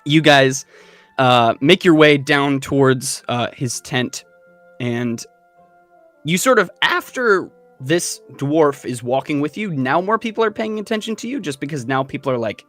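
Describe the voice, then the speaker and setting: A man running a tabletop game as game master, speaking slowly with a lively, rising and falling pitch. He talks in a halting way full of fillers. The sound is dry and close, with faint music behind him. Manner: unhurried, halting, many fillers.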